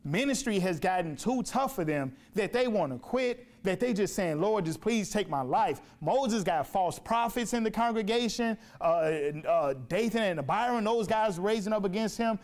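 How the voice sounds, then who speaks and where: A man's voice: high-pitched, animated, moderate pace, hardly any pauses. A man preaching a sermon in a church, emphatic, repeating phrases and asking rhetorical questions. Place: church sanctuary.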